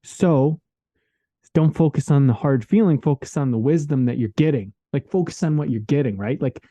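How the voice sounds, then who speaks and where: Recorded remotely on a call mic with no echo, this man co-hosts a podcast in a dark-toned voice of medium pitch at a normal pace. He reflects casually and earnestly, rambling along and saying "like" and "man" a lot.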